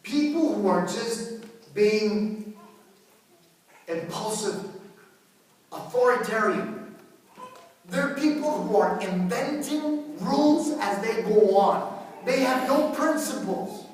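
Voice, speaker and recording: A male priest preaches in an animated, joking way, often repeating himself. His voice carries a long reverb and sounds distant from the microphone, as in a large church. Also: sits high, slow, pauses often. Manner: animated, repetitive, joking storyteller. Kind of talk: sermon. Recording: echoey hall, far from mic.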